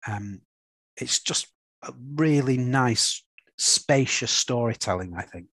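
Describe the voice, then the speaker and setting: A man's voice: medium pitch, animated, takes it slowly, fairly bright tone, dry recording. A man, a father, hosting a casual comics review podcast and often ending his points with tag questions like "isn't it?". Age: young adult or middle-aged, a father. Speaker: podcast host.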